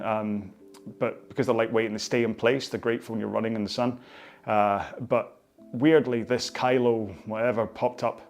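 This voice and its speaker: A man with a Scottish accent leading a follow-along stretching cooldown, chatting in a rambling, jokey way. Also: mid-range voice. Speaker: fitness instructor.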